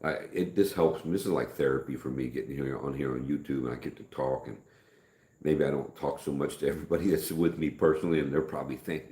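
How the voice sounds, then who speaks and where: A middle-aged man hosting a casual live stream, rambling in a folksy way, greeting viewers by name and speaking softer than usual. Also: extremely low pitch, fast talker, reverberant.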